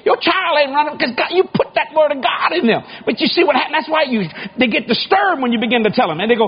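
High, animated older preacher man. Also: fast, few pauses, dull audio. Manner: folksy, dramatic storytelling with acted-out prayers. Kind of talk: sermon.

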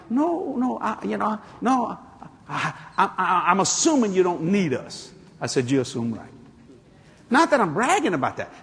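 A man preaching a sermon, rather high-voiced and very lively, swinging from hushed asides into shouts as he acts out both sides of a conversation. His voice rings with a long reverb in a big hall. Faint ambience hangs behind him. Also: breathy edge. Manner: animated storytelling, acting out dialogue, jumping to shouts.

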